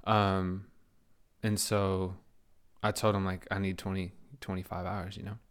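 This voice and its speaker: A man's voice: low voice, little pitch movement, a little slow, smooth. A young man telling a work story in casual chat, slangy and laughing often. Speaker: podcast guest.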